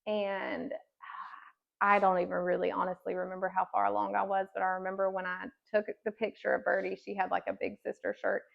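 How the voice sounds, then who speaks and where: A woman's voice: mid-range voice, monotone, brisk, gravelly, highs cut off. A woman in her thirties giving an earnest personal faith testimony as a podcast guest, telling her story with many casual fillers.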